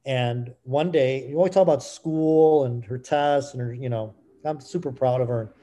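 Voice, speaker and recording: A middle-aged author, appearing as an interview guest, speaks candidly in a mid-range, dark-toned voice. His speech halts, with frequent restarts.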